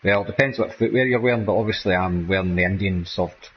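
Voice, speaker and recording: Scottish man, low voice, rambling casual gameplay chat, dull lo-fi recording. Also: fast, slight background noise. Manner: rambling, peppers every sentence with "man" and "mate". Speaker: gameplay streamer.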